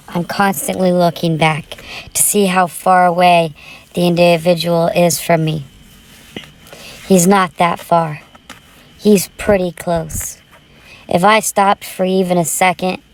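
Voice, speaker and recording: A woman's voice: lowish voice, steady tone, slow pace, long pauses, slight background noise. A woman narrating a true scary story in the first person, with a tense, urgent delivery.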